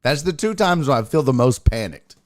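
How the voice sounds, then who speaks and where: Lively, profane male podcast host. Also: mid-range voice, brisk, dry recording. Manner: animated, profane storytelling with acted-out sighs. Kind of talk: casual livestream chat.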